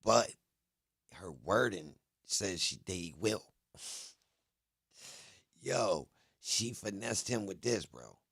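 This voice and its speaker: A man giving casual reaction commentary, excitable and profane, using street slang and talking straight to his viewers. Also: low-pitched, slow pace, long pauses, breathy edge, no echo, clean studio sound. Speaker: commentator reacting to court transcripts.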